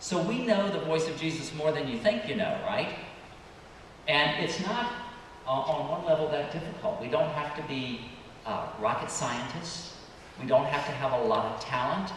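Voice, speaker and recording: A priest gives a children's sermon in a church. He talks with a lively, rising and falling pitch. He puts gentle questions to the children and waits for their replies, and his voice carries a long, echoing reverb from a distant mic. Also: moderate pace. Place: church sanctuary. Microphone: distant room mic. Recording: echoey church hall, distant mic, background noise.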